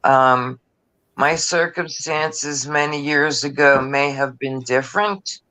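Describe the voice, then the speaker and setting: Guy talking real slow on a video call, bright voice, lots of ums. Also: mid-range voice, rough recording. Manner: rambling and earnest, full of fillers. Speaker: regular in a group live chat. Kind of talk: casual chat.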